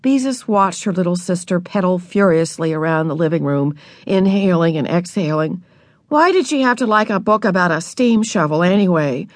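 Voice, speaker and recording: A woman narrating a children's audiobook in a scripted, expressive storytelling manner, recorded in a studio. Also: fairly low pitch, moderate pace, no room sound.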